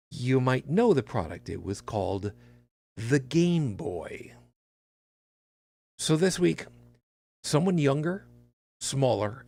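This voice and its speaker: Tired male podcast host, raspy gravelly voice, lively pitch, jokey read. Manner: animated, jokey delivery with big pitch swings. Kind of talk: casual podcast chat, reading horoscopes.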